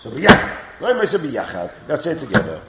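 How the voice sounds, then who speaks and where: A fast-talking man whose medium-pitched voice swoops wildly leads a lively Talmud class. He questions students and chants the Hebrew he quotes. The class recording sounds roomy and dull, lo-fi with a faint hiss.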